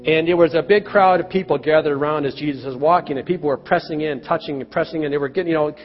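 A middle-aged man preaching a sermon and leading a closing prayer in a church, earnest and plain-spoken, getting louder when he acts out the cries of people in Bible stories. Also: fairly high pitch, fast talker. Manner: earnest, rises loud when acting out quoted cries. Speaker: pastor. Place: church sanctuary. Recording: roomy church reverb, dull lo-fi sound, soft music behind.

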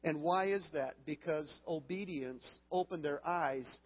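Pastor guy preaching, kinda husky, laughs at his own stories, echoey muffled church recording. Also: on the high side, unhurried. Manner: earnest, breaks into laughter, restarts phrases. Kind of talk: sermon. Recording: long hall reverb, dull lo-fi sound.

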